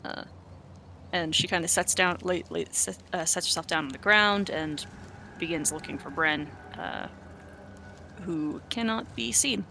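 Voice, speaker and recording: A game master narrating a tabletop role-playing game, pausing often with fillers while describing the scene. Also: medium pitch, creaky, pushed and bright, slight background noise. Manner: hesitant, full of fillers.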